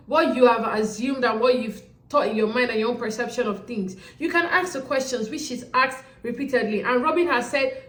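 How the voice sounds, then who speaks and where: A woman hosting a casual reality TV recap, animated and sassy, acting out what others said. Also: a little high, fairly quick, reverberant. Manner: animated, sassy, quotes people in voices.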